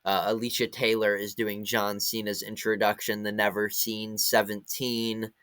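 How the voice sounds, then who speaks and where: A young man giving a casual recap of a wrestling event, retelling the action in an excited play-by-play way. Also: on the low side, moderate pace, no echo.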